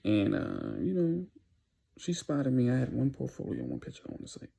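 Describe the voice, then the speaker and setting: Gravelly dark-voiced man telling a story. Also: mid-range voice, huge pitch swings, normal speed. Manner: loose slang-filled street talk with many "you know"s. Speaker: vlogger telling a dating story. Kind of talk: casual storytime monologue.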